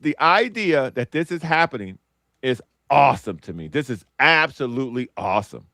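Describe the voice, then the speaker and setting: A man argues on a sports talk podcast with a lively, swooping voice that climbs when he gets excited. He fires off rhetorical questions and answers them himself, recorded close and dry. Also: mid-range voice, normal speed, creaky, no room sound. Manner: animated, rhetorical questions, hype. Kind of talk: casual sports debate.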